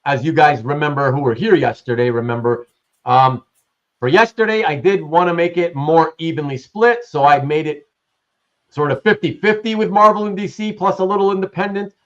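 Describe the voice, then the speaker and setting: A man's voice: a little high, normal speed. Chatty livestream host man, muffled sound. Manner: chatty, laughs often, reads chat aloud. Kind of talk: casual live-stream chat. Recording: muffled lo-fi stream audio.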